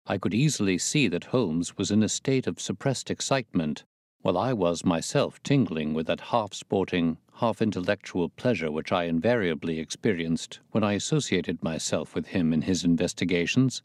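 Deep-voiced male storyteller. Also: moderate pace, darkish tone, no echo, studio quality. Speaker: narrator. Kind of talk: scripted audiobook narration.

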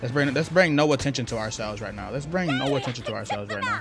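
With game music playing behind him, this man talks fast in a medium pitch. He's a gaming YouTuber, playfully narrating his gameplay and trash-talking the opponents.

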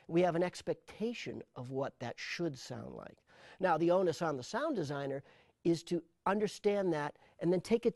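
Middle-aged male sound designer, animated interview storyteller, a bit high-voiced, close and dry. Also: no echo. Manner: animated storyteller, repeats words when starting thoughts. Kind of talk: interview conversation.

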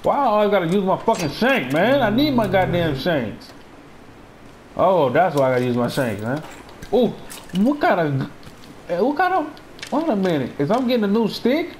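A young man hosts a let's-play with brash, profane, slang-heavy banter. His voice sits a touch higher than most men's. A faint hiss runs underneath. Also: very animated, moderate pace. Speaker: gaming host.

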